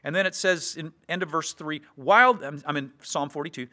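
A man preaching an expository sermon, earnest, slowing down to read scripture verses aloud. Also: sits high, lively intonation, pushed and bright.

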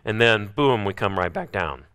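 A male preacher with a lowish voice that swings widely in pitch, delivering a sermon. His tone is bright and forceful, and he keeps asking his listeners rhetorical questions. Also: expressive, normal speed, clear, resonant tone.

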